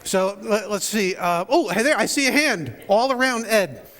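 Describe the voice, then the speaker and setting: A man's voice: high voice, lively intonation, moderate pace, a bit bright, long reverb tail. A male pastor opening a sermon in a church, joking and chatting straight to the people in the pews. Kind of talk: playful sermon opening with audience interaction. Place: church sanctuary.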